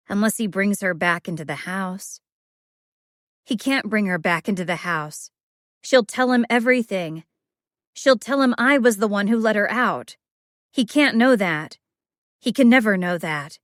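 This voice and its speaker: A woman's voice: mid-range voice, no echo. A woman narrates a first-person thriller audiobook in a mid-range voice. She reads it as an anxious, brooding inner monologue. The recording is dry and close.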